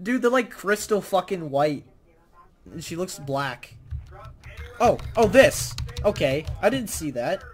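While streaming a game, a man chats casually and bantering, getting excitable and yelping or shouting whenever something startles him. His voice sits high and he speaks slowly.

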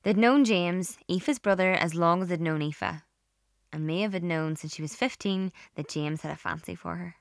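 A woman narrating a novel in a measured, quietly wry way. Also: lowish voice, vocal fry, no room sound, clean studio sound. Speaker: audiobook narrator. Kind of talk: scripted narration.

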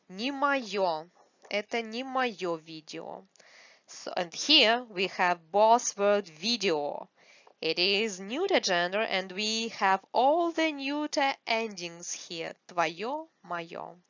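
A woman's voice: medium pitch, fairly bright tone, dry recording. A woman teaching to beginners in English, explaining patiently and repeating the example words. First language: Russian. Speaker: language teacher. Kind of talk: slow, careful beginner lesson with spoken examples. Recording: dry, slightly dull lo-fi recording.

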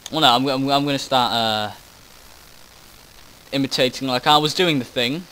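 Man, gaming commentary, rambling, self-interrupting, casual swearing, average pitch, faint background noise. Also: normal speed, bright, forceful tone, low-quality recording. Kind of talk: rambling post-recorded game commentary.

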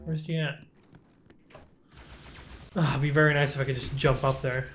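A man's voice: mid-range voice, little pitch movement, moderate pace, a little hiss or hum. A young man commentating his first playthrough of a shooter game, jumpy and swearing often, yelping when startled. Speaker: gameplay streamer.

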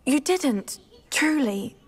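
An actress voicing a gentle cursed young woman in a video game, speaking softly. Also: high-pitched, lively intonation, slow. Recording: game audio with faint music.

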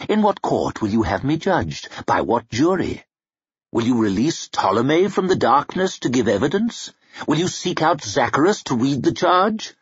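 A man's voice: medium pitch, husky, no room sound, exaggerated voice. A man doing an arrogant old wizard. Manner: haughty, measured, menacing. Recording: dry muffled recording.

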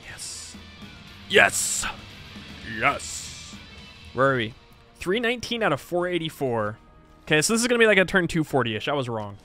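A man's voice: on the high side, big pitch swings, normal speed, long pauses, bright, forceful tone, soft background music. A man casually commenting on his own strategy game as he plays, chatting wryly to himself and to the characters in the game. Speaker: streamer. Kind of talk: live gameplay commentary.

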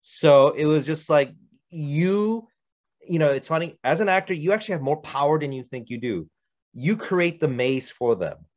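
A man who works as a voice actor, speaking on a casual panel as an animated storyteller who gives direct advice. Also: fairly high pitch, moderate pace. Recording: dull lo-fi audio.

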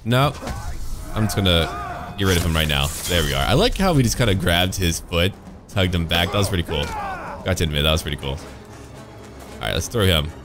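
A man's voice: low voice, sing-song, moderate pace, pauses often. A man giving sarcastic, jokey running commentary while playing a video game, over game music. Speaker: gaming YouTuber. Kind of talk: let's play commentary.

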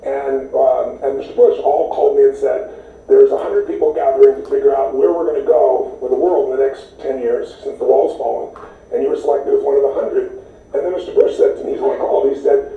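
A man's voice: medium pitch, brisk, creaky. Enthusiastic man on a tinny distant line. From United States. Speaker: interview guest. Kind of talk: animated storytelling. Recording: tinny, echoey, distant sound.

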